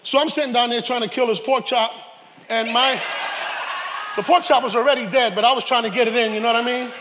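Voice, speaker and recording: A man preaching a sermon, animated, with joking asides and shouted peaks. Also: extremely high pitch, fast talker, noisy background. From New York, Harlem. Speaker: pastor. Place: church sanctuary. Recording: reverberant church hall.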